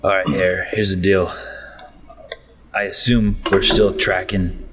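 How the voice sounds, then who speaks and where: A man playing a tabletop game, describing his character's actions in a measured, matter-of-fact way. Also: low-pitched, little pitch movement, fairly bright tone, slightly rough. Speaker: player.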